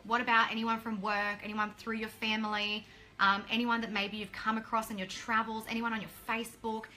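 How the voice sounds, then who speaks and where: Aussie woman coaching, bright clear voice, blunt and sweary, bit of faint hiss behind. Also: mid-range voice. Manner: blunt, swears casually, acts out quotes. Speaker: business coach. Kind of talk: motivational talk to camera.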